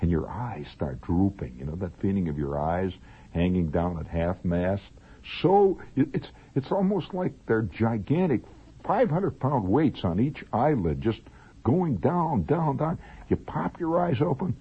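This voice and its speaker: Husky rambling male radio storyteller. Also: on the low side, sing-song. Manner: digressive, humorous, drawn-out asides. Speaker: monologist. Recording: narrow lo-fi old radio recording.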